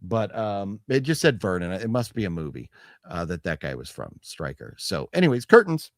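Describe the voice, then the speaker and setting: A man's voice: fairly low pitch, sing-song, moderate pace, dry recording, studio quality. A man hosting a casual chat about a movie haul, rambling with restarts and reading chat comments aloud. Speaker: show host.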